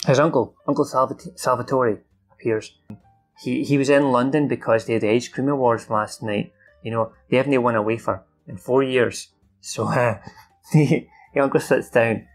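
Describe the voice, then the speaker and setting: Man, gravelly voice, mid-pitched, casual film recap, rambling with fillers. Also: steady tone, normal speed, faint music behind. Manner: rambling, many fillers and restarts, swears.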